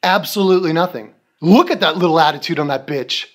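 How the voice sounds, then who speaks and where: A man's voice: a little high, fast talker. A man giving a profane, sarcastic commentary rant, mocking the people he is answering. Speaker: commentary video creator. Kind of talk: ranting commentary.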